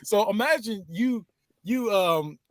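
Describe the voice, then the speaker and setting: Male podcast host, animated storyteller, bright upper register, expressive swings. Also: high voice, takes it slowly, dry recording. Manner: animated storytelling, laughs often. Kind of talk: casual movie recap chat.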